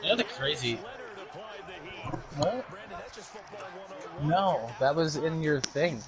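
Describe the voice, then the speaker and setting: A man's voice: fairly high pitch, expressive, slow. Young man cursing through a gaming stream. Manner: swearing, joking banter. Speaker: streamer playing a football video game. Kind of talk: casual chat while gaming. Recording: game crowd noise behind.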